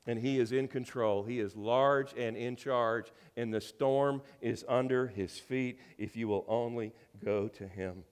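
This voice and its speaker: Male minister preaching, mid-pitched voice, goes soft then loud, keeps asking the congregation questions. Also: a little slow, few pauses, clear, resonant tone, big-room sound. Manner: dynamic preaching, swinging from hushed to loud and emphatic. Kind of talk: sermon.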